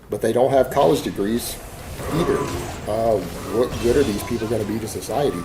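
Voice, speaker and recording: A Texan man rambling bluntly and defiantly in a casual vlog monologue while he works at a hobby. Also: on the low side. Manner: blunt, defiant, talks while hand-loading ammo. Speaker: vlogger. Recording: steady background noise.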